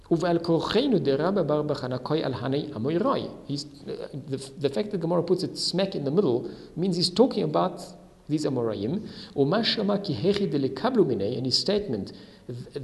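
Gravelly man teaching a Talmud passage. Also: a little high, in a large hall. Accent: Ashkenazi Hebrew pronunciation. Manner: reads Aramaic then explains in English. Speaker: Torah teacher. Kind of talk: Talmud lesson, reading and translating.

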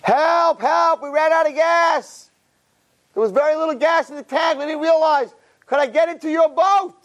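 A desperate older son yells for help, his voice jumping high and loud, acted out by a man telling a parable. He sounds frantic and stuck. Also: moderate pace. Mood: panicked.

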